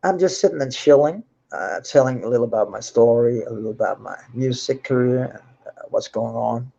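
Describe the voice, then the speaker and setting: A Danish man speaks briskly in accented English, his medium-pitched voice creaky and mellow over dull audio. It's an unscheduled, casual livestream about his music life, full of rambling, free swearing, frequent laughter, and many restarts.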